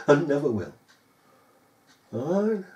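In an echoey room, a man delivers a recorded sermon with scorn and sarcasm. His voice is a little high and mellow, with a sing-song lilt and a very slow pace.

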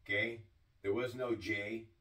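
A man preaching a sermon-style teaching, slow and deliberate, often asking his listeners questions. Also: fairly low pitch, fairly even intonation, sharp tone, distant mic, rough recording.

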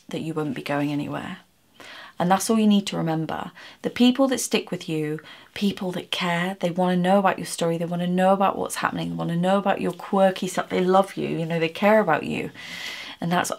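Low, gravelly woman vlogging. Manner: earnest, reassuring, with frequent restarts. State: emotional, near tears at times. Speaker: YouTuber. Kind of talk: heartfelt direct-to-camera message.

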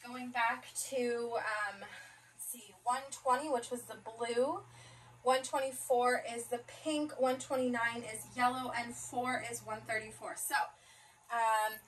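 A woman's voice: fairly high pitch, steady tone, takes it slowly, rough recording. A woman in her twenties, chatting casually as she unboxes a craft kit and reads out long strings of numbers. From South Florida, US. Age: 20s. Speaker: craft vlogger.

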